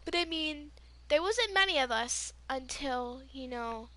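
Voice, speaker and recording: Casual vlog storyteller: a high-pitched woman who rambles slowly, leans on fillers and flares up into loud outbursts. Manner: rambling, heavy use of "you know" and "like"; excitable, bursts into yelling when retelling. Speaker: gaming vlogger.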